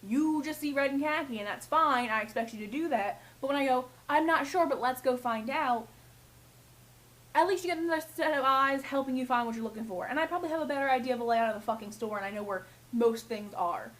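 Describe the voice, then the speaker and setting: Exasperated high-voiced young woman ranting. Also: quick pace, few pauses, fairly bright tone, low-quality recording. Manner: exasperated, swearing, mimics customers. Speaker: retail worker. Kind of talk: casual vlog rant.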